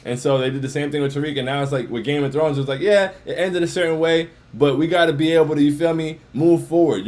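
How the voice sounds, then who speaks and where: A man's voice: medium pitch, darkish tone. A man hosting a livestream in casual, slangy chat, repeating phrases as he talks. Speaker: livestream host.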